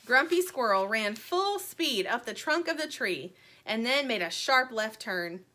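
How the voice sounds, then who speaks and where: Bright, lively woman reading a storybook. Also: a little high, unhurried. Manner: expressive, friendly storytelling. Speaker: children's book reader. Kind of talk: reading a children's book aloud.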